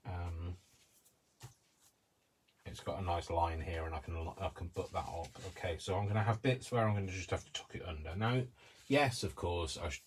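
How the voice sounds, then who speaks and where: Man, very low voice, easygoing craft host, rambling and self-deprecating, faint hiss behind. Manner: chatty, rambling, self-mocking asides. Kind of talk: live-streamed craft demonstration.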